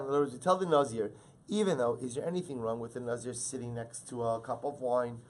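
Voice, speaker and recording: Rabbi, man, Talmud class teacher; animated, stressing quoted texts. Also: mid-range voice, fast. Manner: animated, repeats words, rises loudly on Hebrew and Aramaic quotes.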